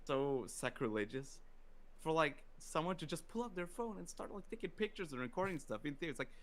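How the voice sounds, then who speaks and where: Excitable man ranting on a podcast. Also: fairly high pitch, a little fast. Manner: excitable, ranting, many fillers. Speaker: podcast host. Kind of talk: casual podcast chat.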